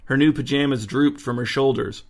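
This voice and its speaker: A man narrating a story in a dry, even reading voice. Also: medium pitch, normal speed. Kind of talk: audiobook narration.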